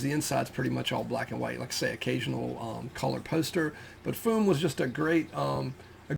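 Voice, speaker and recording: A man's voice: mid-range voice, creaky, slight background noise. A middle-aged man from the United States chatting casually about a collection, rambling with lots of ums and restarts. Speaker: comic collector showing his finds. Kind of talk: casual show-and-tell chat.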